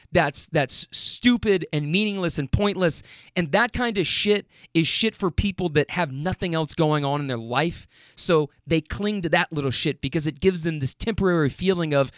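Brief: male vlogger, high voice, exasperated profane storytime rant. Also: lively intonation, normal speed, fairly bright tone, dry recording, studio quality.

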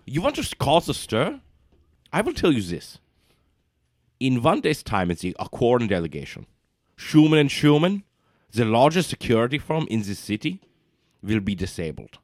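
A man's voice: mid-range voice, huge pitch swings, normal speed, long pauses, no room sound, clean studio sound. A man playing a tabletop role-play character, delivering grandiose, lecturing revolutionary speeches. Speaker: player.

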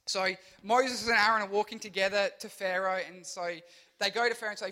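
A young man preaching an energetic youth sermon, telling stories with sound effects and funny voices. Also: high voice, brisk. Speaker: youth pastor.

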